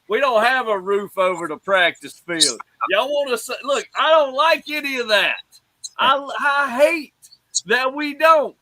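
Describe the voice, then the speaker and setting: High, bright-voiced sports host. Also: male voice, no echo, low-quality recording. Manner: animated, preachy, keeps calling on co-hosts. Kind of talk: casual sports talk.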